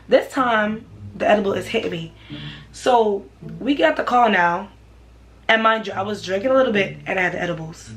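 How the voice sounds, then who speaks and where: A young woman, telling a personal story for her vlog in an animated, slangy way. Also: on the high side, moderate pace, soft background music. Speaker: vlogger.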